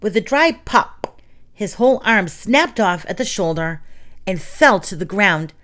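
A woman's voice: mid-range voice, expressive, a little slow, fairly bright tone. Woman reading children's stories aloud. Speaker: storyteller.

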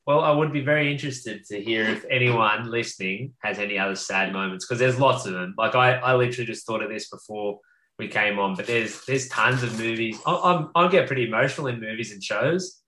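A man co-hosting a podcast, talking in an earnest, reflective and relaxed way during casual chat. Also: on the low side, a little fast. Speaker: podcast co-host. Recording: echoey room.

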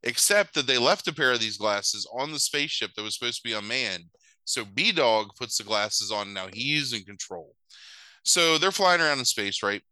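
Animated, bright-voiced man recapping a film. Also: mid-range voice, moderate pace, dry recording, rough recording. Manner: animated, profane, sarcastic storytelling. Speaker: podcast co-host. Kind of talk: casual chat recapping a movie.

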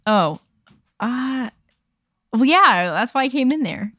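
A woman's voice: sits high, expressive, a bit bright, dry recording, clean studio sound. A woman taking part as a guest player in a made-up story, amused, answering casually and laughing often. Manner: amused, laughs often, quick short replies.

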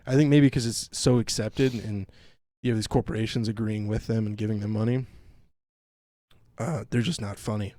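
A man's voice: mid-range voice, a little mellow, dry recording. Sarcastic profane man, dry close mic. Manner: sarcastic, mocks others in put-on quotes. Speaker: podcast co-host. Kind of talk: profane casual rant.

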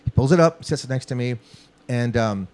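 Man from los angeles spinning a swear-heavy story, mid pitch, acts out other people's lines. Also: moderate pace. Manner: profane, animated, acts out quotes. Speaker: guest musician. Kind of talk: casual storytelling.

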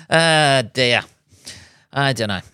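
A man's voice: mid-range voice, sharp tone, clear, resonant tone, no room sound, studio quality. A man hosting his own podcast, rambling through a profane, wry monologue with chuckling asides. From England. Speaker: podcast host and comedian.

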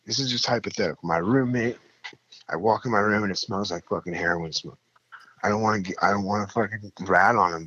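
A young man telling a story in casual, profane talk, acting out the people in it with louder, higher voices. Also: no room sound, muffled recording.

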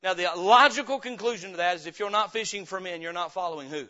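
A man preaching a sermon as pastor, impassioned, rising louder at the climaxes of his points. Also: sits high, quick pace, muffled recording. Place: church.

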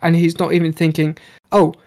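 A man's voice: fairly high pitch, steady tone, normal speed, gravelly. A man, chatting casually about a film, swearing freely and acting out characters' lines. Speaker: podcast co-host reviewing a film. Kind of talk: casual chat.

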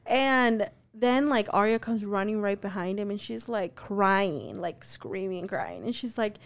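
A woman's voice: a little high, expressive, normal speed, hardly any pauses. A young woman co-hosting a podcast, telling a story in casual chat, full of "like" fillers and swearing freely. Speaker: podcast co-host.

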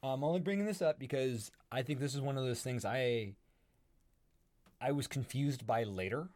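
A man co-hosting a casual book-discussion podcast, animated and acting out his reactions. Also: moderate pace, no echo. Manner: animated, acts out his own reactions with big pitch jumps. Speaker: podcast co-host.

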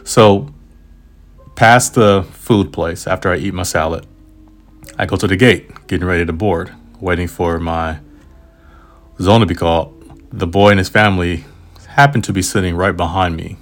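A man's voice: sits low, fairly even intonation, normal speed, pauses often, faint music behind. An American man, a travel writer, casually telling a travel story in a rambling, self-aware way with asides and restarts. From United States.

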